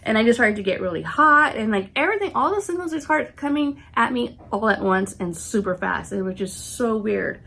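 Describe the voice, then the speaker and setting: A woman's voice: on the high side, animated, fairly quick, gravelly, hardly any pauses, sharp tone, slightly rough. A woman in her forties, sick and congested, telling a long casual story to camera with lots of "I'm like" and acted-out quotes. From California, USA. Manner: chatty, retells scenes with "I'm like" and quoted reactions. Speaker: vlogger.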